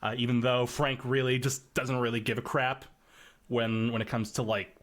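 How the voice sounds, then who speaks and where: A man's voice: medium pitch, level tone, normal speed, a bit bright. A young man guest on a podcast, talking casually and rambling with many fillers. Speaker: podcast guest, machinima creator.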